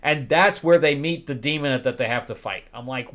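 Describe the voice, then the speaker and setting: A man giving a casual spoken review of comic books, candid and wry, pausing often with fillers and restarts. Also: mid-range voice. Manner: candid and wry, with loud incredulous outbursts; hesitant, many fillers and restarts.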